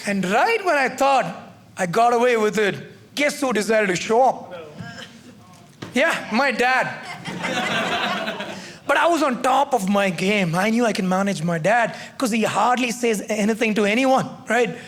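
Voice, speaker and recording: High-pitched man, stand-up storyteller; lively delivery, light tag questions. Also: unhurried. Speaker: stand-up comedian. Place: comedy club stage with live audience.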